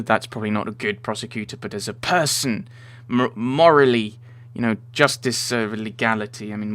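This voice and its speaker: A man's voice: mid-range voice, fairly bright tone, no echo. A man giving casual, rambling commentary while playing a visual novel. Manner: rambling, self-mocking asides. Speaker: let's play host.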